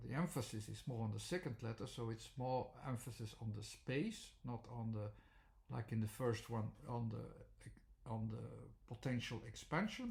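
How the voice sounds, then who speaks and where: A man talks through an explanation in an unscripted, halting way, full of fillers and restarts. His voice sits at an ordinary middle pitch with a gravelly, fry-tinged edge. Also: a little mellow. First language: Dutch. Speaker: teacher.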